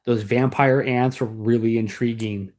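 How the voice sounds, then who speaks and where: A man's voice: medium pitch, steady tone, unhurried, darkish tone. American guy live streaming, casual rambly chat, laughs a bunch, lots of restarts.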